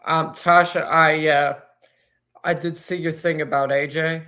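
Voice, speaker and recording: A man hosting a casual livestream, talking hesitantly with lots of fillers and pauses. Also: a little high, level tone, pushed and bright. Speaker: livestream host.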